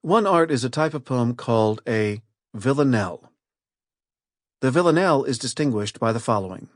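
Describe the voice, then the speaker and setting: Male narrator, middle pitch, steady and clear for nonfiction; dry booth, close mic. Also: no echo. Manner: measured, clear reading of lists and points. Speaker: audiobook narrator.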